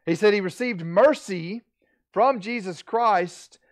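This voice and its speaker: A man's voice: high voice, slow pace, no room sound, clean studio sound. A middle-aged man preaching a sermon as pastor, earnest and emphatic, often restarting phrases and rising in intensity on key points.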